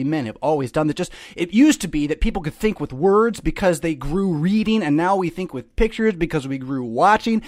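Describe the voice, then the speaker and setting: Higher-voiced man preaching in a casual ramble. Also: no room sound, studio quality. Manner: rambling, emphatic, repeats words. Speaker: host.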